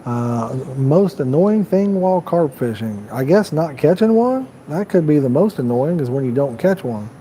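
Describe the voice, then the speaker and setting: A man hosting a fishing livestream from the edge of a park pond, talking loosely and rambling to his chat. His voice sits a little high but sounds mellow and relaxed. A faint outdoor hiss runs underneath. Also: moderate pace, hardly any pauses, poor audio. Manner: rambling, chatty, talks to viewers in the chat. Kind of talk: casual live-stream chat.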